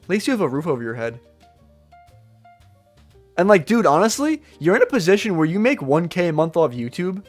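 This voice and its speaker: A man's voice: high voice, sing-song. Young man chatting casually on a trading stream. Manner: loose, joking, slangy, reacts to chat with quick laughs. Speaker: livestream day trader. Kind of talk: casual livestream chat reading viewer comments. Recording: faint music behind the voice.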